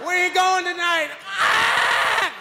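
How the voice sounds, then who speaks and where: A man doing a shrieking, excitable young cousin. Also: very high voice, slow, vocal fry, over a noisy crowd, very noisy, voice pushed up, full character voice. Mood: excited. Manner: shrieking, yelling bursts. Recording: echoey hall, live stage.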